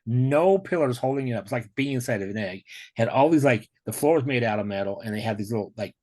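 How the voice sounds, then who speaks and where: A man casually telling a long personal story on a video call, rambling with many restarts and getting animated when he quotes himself. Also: medium pitch, fast talker. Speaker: guest sharing a near-death experience.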